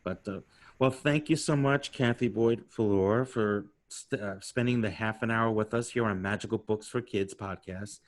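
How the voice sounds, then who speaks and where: A man of sixty with a thick New York accent hosts a casual podcast chat in a lowish voice. He rambles warmly through his thoughts and laughs easily between questions. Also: moderate pace. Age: 60s. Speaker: podcast host.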